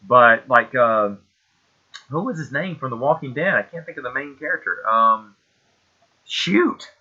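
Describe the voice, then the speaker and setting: A man's voice: mid-range voice, animated, moderate pace, sharp tone, muffled recording. A man hosting a casual solo movie show, talking with enthusiasm and rambling as he fishes for names. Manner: enthusiastic, rambling, loses names mid-sentence. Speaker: host.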